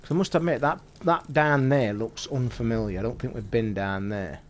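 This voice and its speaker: Male streamer, mid-pitched, casual gameplay chatter full of swearing, a faint hiss behind. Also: moderate pace. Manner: chatty, swears constantly, talks to chat. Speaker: live streamer. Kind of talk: casual live gameplay commentary.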